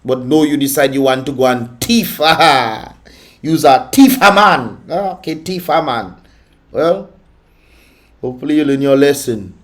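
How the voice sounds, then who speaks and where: A man's voice: mid-range voice, animated, measured pace. A man hosting a reaction vlog, scolding and mocking with frequent laughter. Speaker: vlog host reacting to videos. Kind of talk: reaction commentary.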